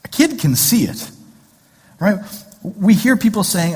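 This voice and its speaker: Husky preacher in an echoing hall. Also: male voice, high-pitched, lively intonation, takes it slowly, pauses often, darkish tone. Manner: conversational, joking asides, rhetorical questions. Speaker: pastor. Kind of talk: sermon. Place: church sanctuary. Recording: long hall reverb.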